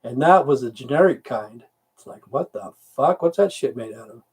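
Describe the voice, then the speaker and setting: A man's voice: mid-range voice, expressive, normal speed, darkish tone, breathy edge. Man rambling and cursing on a livestream. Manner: rambling, profane, grumbling about government. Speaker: livestream host; military veteran. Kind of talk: casual livestream chat answering viewer comments.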